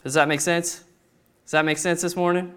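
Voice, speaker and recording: A man preaching a sermon, acting out the people of the story with sudden loud bursts. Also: a little high, flat delivery, normal speed, clear, resonant tone. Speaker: pastor.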